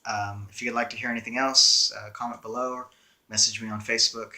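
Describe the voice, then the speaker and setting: Young male vlogger, casual storytime narration, wry and conversational, bright forward voice. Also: fairly low pitch, flat delivery, a little fast. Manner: wry, conversational, with frequent "uh" fillers.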